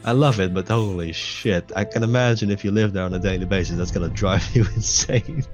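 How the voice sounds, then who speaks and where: A man's voice: on the low side, a little fast, a little mellow. A young man chatting casually over gameplay, rambling with lots of restarts and swearing freely. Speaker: gaming video host. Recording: music playing clearly behind voice. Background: game music.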